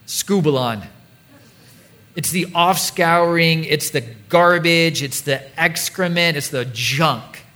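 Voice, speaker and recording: A man preaching in a church, chatty and playful, slipping into quick mock voices to make his point. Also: on the high side, pushed and bright. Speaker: pastor. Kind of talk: sermon.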